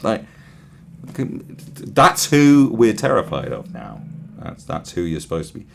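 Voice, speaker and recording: A man's voice: lowish voice, big pitch swings, a little slow, vocal fry, noisy background. A man hosting a talk show, ranting sarcastically and with a lot of swearing, and sometimes mimicking other people. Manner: sarcastic, profane, mimics voices. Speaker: podcast host. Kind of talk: ranting monologue.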